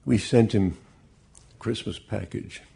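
A bereaved father giving personal testimony, speaking in a slow, measured, deeply earnest way with a gravelly, husky voice. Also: mellow.

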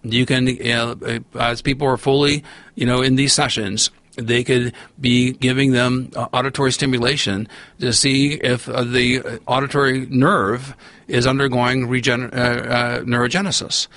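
A middle-aged man, a podcast guest, telling a long story in a rambling, animated way and acting out the voices he quotes. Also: mid-range voice, moderate pace, no echo. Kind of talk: storytelling in a long-form interview.

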